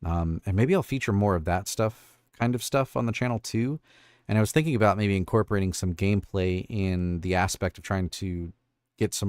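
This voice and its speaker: A man's voice: deep voice, a little mellow, no room sound. A man hosting a casual livestream, rambling and thinking aloud as he fiddles with his stream tools. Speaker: livestream host and voice actor. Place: home studio.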